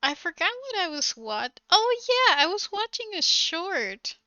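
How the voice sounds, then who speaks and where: Giggly high-voiced woman, slow and bright. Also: sing-song, dry recording, highs cut off. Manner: giggly, rambling storyteller. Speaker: art streamer. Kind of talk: casual chat during a live painting stream.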